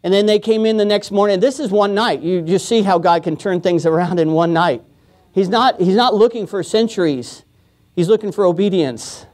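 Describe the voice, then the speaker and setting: A man's voice: high-pitched, normal speed, darkish tone. A man preaching a sermon as pastor, in a casual, joking way, often chuckling and acting out quoted voices. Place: church.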